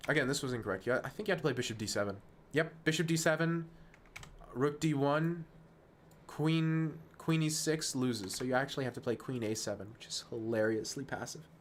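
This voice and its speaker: A man streaming chess, talking fast and self-mocking through move lines, dropping to quiet muttering when frustrated. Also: mid-range voice, slight background noise. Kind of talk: casual live-stream game commentary.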